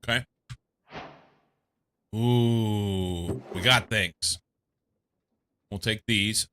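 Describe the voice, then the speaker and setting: A man streaming a game with a lowish, bright-edged voice, talking himself through each step in loose, chatty commentary. He sounds a little congested and laughs easily. He is from the United States and speaks close to a desk mic. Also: steady tone, extremely slow, slight background noise. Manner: thinking aloud, chatty, laughs often. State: slightly congested. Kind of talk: casual gameplay commentary.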